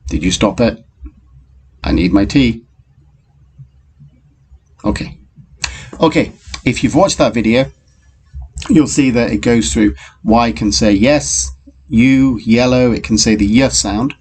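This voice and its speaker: Man, phonics teacher, unhurried, patient with children, gravelly voice, soft keyboard typing behind. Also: medium pitch. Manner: slow, patient, talks directly to young pupils. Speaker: primary school teacher. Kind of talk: recorded phonics lesson.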